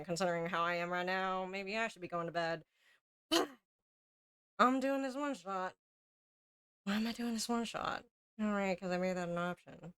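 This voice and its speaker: A woman's voice: medium pitch, fairly bright tone, clean tone, dry recording. A young woman streaming a game while drunk, rambling and swearing freely as she chats and mocks herself. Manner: profane, rambling, self-mocking. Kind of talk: casual game stream chat. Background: game music.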